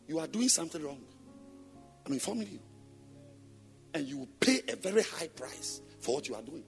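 A man preaching a sermon in a church on a microphone, emphatic and rhetorical, firing repeated questions at the congregation and swinging between loud sing-song chanting and low murmurs. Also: sing-song, normal speed, vocal fry, soft background music. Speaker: pastor.

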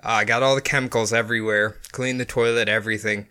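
A man's voice: lowish voice, steady tone, fast, bright, forceful tone, smooth. A young man co-hosting a casual comedy podcast, joking crudely and laughing often. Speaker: podcast co-host.

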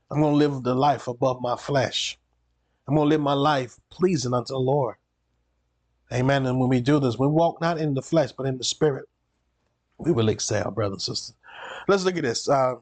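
A man's voice: mid-range voice, dry recording. A male pastor delivering a sermon in an emphatic, repetitive preaching manner.

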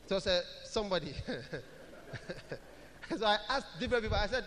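A male pastor preaching a sermon in church, chanting short scripture phrases over and over and building to loud calls. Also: sits high, expressive, fairly quick, pauses often, big-room sound, a little hiss or hum.

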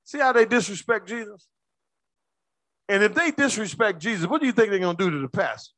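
Man preaching hard, really high bright voice, dry sound, calls out to the crowd then drops way down. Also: lively intonation, brisk, no echo. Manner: impassioned preaching with call-and-response; swings between shouts and low asides. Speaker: pastor. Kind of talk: sermon.

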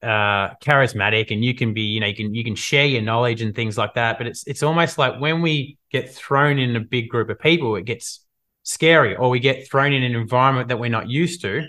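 A man giving an energetic motivational talk on live video, acting out little scenes as he goes. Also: medium pitch, fairly quick. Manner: energetic, animated, acts out scenes. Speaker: business coach.

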